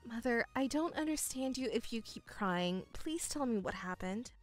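A woman voicing a calm, cold young stepdaughter in a dramatized story, speaking in a measured, coolly firm way. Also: a little high, soft background music, lightly acted. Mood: composed.

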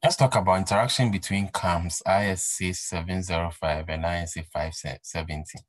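Deep-voiced man lecturing emphatically. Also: fairly even intonation, normal speed, no echo, low-quality recording. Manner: repeats key points for emphasis, asks rhetorical questions. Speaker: accounting lecturer. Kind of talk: recorded exam-prep lecture.

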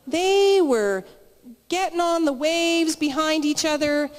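Chatty high-voiced woman preaching. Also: slow. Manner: chatty, storytelling, frequent restarts. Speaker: guest speaker at church meeting. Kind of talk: conversational sermon. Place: church hall, live meeting. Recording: reverberant live church hall.

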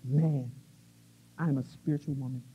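A middle-aged woman from the US Midwest giving an animated, laughing personal testimony at a recovery conference. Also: rumbling low, a little slow, slightly rough. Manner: animated, laughing, exclamatory storyteller. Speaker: recovery meeting speaker. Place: conference hall stage. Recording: muffled cassette tape transfer.

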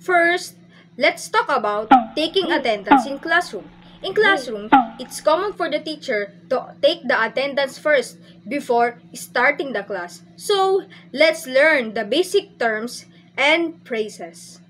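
High-pitched, slow-speaking woman teacher. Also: lively intonation, fairly bright tone, rough recording. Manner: slow, patient, repeats each phrase. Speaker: language teacher. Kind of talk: online language lesson.

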